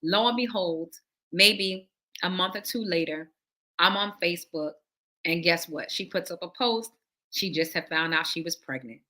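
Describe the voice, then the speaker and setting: A woman preacher telling her testimony to a livestream audience, animated and acting out the conversations as she goes. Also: on the low side, normal speed. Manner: animated storytelling that acts out dialogue and addresses listeners as y'all. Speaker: prophet and preacher.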